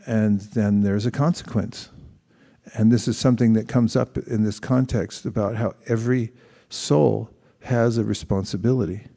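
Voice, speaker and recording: A man leading a scripture study class, reading a passage aloud and then asking thoughtful questions, often pausing to rephrase. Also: on the low side, steady tone, gravelly, dark tone. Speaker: class leader.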